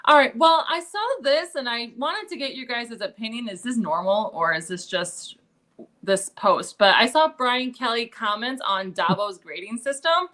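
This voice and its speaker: A woman's voice: fairly high pitch, lively intonation, moderate pace, sharp tone. A woman hosting a sports podcast, casually steering the talk with upbeat questions. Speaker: podcast host and moderator.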